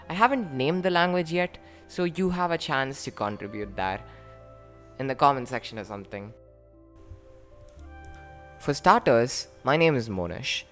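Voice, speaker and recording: A man casually and playfully explaining his invented language, joking and jumping up in pitch for emphasis. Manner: jokey, animated, with sudden lifts in pitch.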